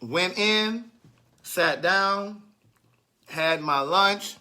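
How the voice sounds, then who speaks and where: A man tells a story in a bright, forceful voice that sits a little high for a man. He flips between pleading student voices and his own low, stern replies. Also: extremely slow. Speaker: storyteller recounting a teaching day. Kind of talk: animated comic storytelling.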